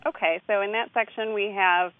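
A linguist calmly breaking down vowel pronunciations in recorded speech. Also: medium pitch, moderate pace. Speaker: linguist analyzing accent recordings. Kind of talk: explanatory commentary. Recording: tinny phone line.

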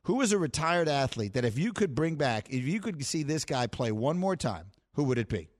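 A man's voice: on the high side, sing-song, fairly quick. A man hosting a sports talk show, playful and wry, teasing his staff and riffing dramatically. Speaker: sports radio host.

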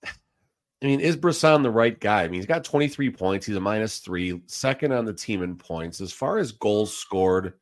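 A man's voice: fairly low pitch, lively intonation, normal speed. A man co-hosting a sports podcast, opinionated and grumbling in casual chat. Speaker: podcast co-host.

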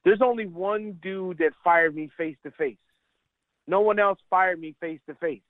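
A middle-aged man, a caddie and stand-up comedian, telling animated, laughing stories as a radio interview guest. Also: high voice, moderate pace, no echo. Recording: tinny phone line, dry.

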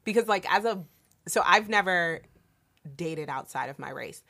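A young woman from Delaware in casual conversation, reflective and quick to laugh. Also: lowish voice, lively intonation, bright, forceful tone.

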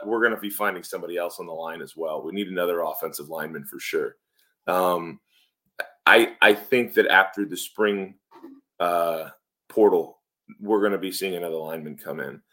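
A middle-aged man co-hosting a sports podcast, thinking aloud in a measured way with fillers. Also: low voice, sharp tone. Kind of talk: casual sports talk.

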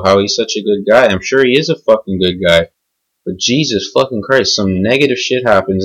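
A man's voice: lowish voice, rough recording. A young adult man delivering an angry, cynical, profanity-heavy rant. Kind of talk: profane ranting monologue.

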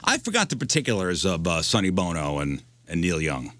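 A man's voice: low voice, huge pitch swings, brisk, a bit bright, no echo. A man hosting a radio show, chatting casually and joking as he reads out news items.

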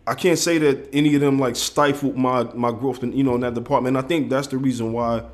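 A man's voice: mid-range voice, fast talker. Laid back guy on a podcast, slangy, cusses a lot, does voices in his stories. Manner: laid-back, slangy, swears, animated impressions. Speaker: podcast co-host. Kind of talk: casual conversation.

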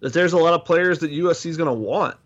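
A man co-hosting a casual sports podcast, reasoning through his points in a measured, thoughtful way. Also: a little high, muffled recording. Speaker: podcast co-host.

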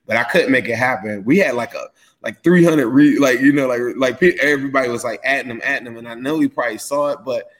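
A man's voice: mid-range voice, fast. A man co-hosting a sports podcast, rambling casually with lots of fillers while tired from jet lag. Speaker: podcast co-host.

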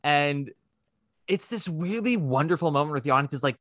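A man's voice: on the high side, lively intonation, a little fast, fairly bright tone, no room sound, studio quality. A man co-hosting a casual chat about theater, rambling and joking, with a habit of putting on silly voices. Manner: rambling, jokey, swears, does silly voices. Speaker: podcast co-host.

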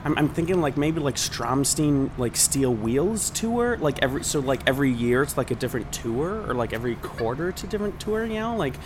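A man's voice: medium pitch, animated, fairly quick, hardly any pauses, background noise. A man co-hosting a podcast in casual banter, rambling and joking, with many "like"s. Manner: rambling, jokey, heavy on "like". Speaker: podcast co-host.

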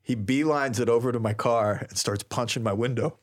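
A man who is a priest, telling a story in a casual, animated, slangy way and laughing often on a talk show. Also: medium pitch, brisk. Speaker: priest, co-host.

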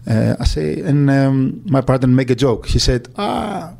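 A man with a Greek accent recalling events in an interview, halting speech with many fillers and restarts. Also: mid-range voice, steady tone, vocal fry, dark tone. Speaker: agent. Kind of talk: interview recollection.

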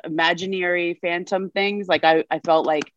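A woman's voice: fairly low pitch, fairly even intonation, normal speed, highs cut off, a little hiss or hum. A woman in her thirties, a reporter guest on a podcast, animatedly recounting a story. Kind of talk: casual conversation.

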